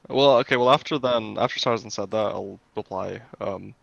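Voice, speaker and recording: Gravelly man chatting over a game. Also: lowish voice, moderate pace, dry recording, lo-fi sound. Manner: hesitant, laughing asides. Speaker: player. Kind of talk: tabletop game chat.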